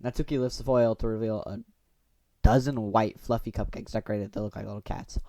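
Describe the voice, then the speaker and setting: A man's voice: fairly low pitch, fairly even intonation, fairly quick, dark tone. A young man hosting a gaming video, reading the story text aloud with goofy, chatty asides. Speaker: gaming channel host. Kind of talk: reading a visual novel aloud.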